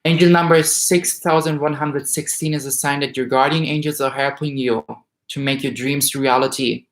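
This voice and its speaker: A man doing a weekly tarot reading, reading card meanings aloud and growing emotional and excited as he goes. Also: mid-range voice, moderate pace. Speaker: tarot reader. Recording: roomy echo.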